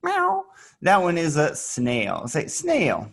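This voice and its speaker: A man's voice: mid-range voice, lively intonation, takes it slowly, a bit bright. A man teaching a child English in an online lesson, patient and playful, repeating words for the child to echo and adding little sound effects. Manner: playful, adds sound effects while showing pictures.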